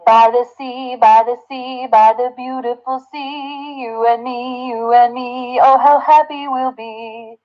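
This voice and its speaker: A woman's voice: on the high side, fairly even intonation, slow, few pauses, darkish tone, dull audio, faint music behind. A computer voice assistant speaking in a woman's voice, giving playful canned replies.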